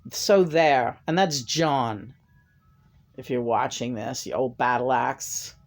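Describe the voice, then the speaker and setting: A woman's voice: a bass voice, slow pace. A middle-aged woman venting in a profane personal rant to her camera, her voice jumping up in angry bursts. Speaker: vlogger.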